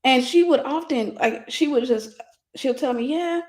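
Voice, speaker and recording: A woman's voice: high-pitched, normal speed. A woman minister in her forties telling a personal story in a casual livestream sermon, greeting viewers by name.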